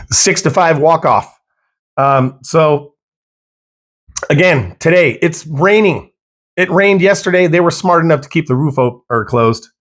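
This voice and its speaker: A man's voice: fairly high pitch, a bit bright. A man hosting a podcast, ranting angrily with lots of profanity in a monologue. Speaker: podcast host.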